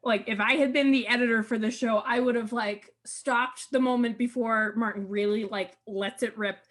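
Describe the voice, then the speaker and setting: Higher-voiced woman podcast co-host. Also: fairly even intonation, a bit bright. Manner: emphatic, rushes through long lists, laughs. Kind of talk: casual fan discussion.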